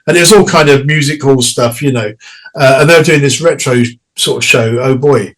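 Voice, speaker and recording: A middle-aged man spins a long anecdote for his interviewer. He talks in a loose, chatty flow, restarting phrases and dropping into quick quoted voices. His voice sits in a middle pitch for a man. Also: low-quality recording. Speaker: guest singer. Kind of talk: casual interview storytelling.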